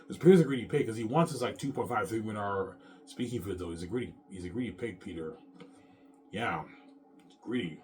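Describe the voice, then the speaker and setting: A man rambling through a casual monologue, quick and animated, circling back over the same points. His pitch moves freely as he talks. The mic sits at some distance, with faint background noise. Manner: animated, fast, repetitive storytelling. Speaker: vlogger.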